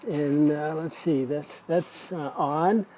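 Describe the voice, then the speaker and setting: A man's voice: fairly high pitch, takes it slowly, warm tone, slight background noise, low-quality recording. An older man demonstrating motorcycle repair step by step, patiently instructing a learner. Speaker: mechanic teaching motorcycle repair. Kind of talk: hands-on demonstration.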